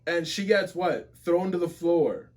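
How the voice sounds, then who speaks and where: A man giving excited reaction commentary on a webtoon from his office, slangy and full of exclamations. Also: sits high, unhurried. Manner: exclaims constantly, slangy and animated. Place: home office.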